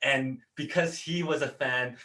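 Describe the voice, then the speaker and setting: A man's voice: medium pitch, measured pace, sharp tone. Male host, motivational business talk, earnest and repetitive, mid-range voice. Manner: earnest, repetitive phrasing with frequent fillers. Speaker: business coach and show host.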